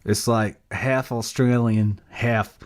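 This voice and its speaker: A man's voice: mid-range voice, fairly even intonation, slow. A sleep-deprived man co-hosting a podcast by himself, rambling casually, losing his thread and laughing at himself. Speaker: podcast co-host.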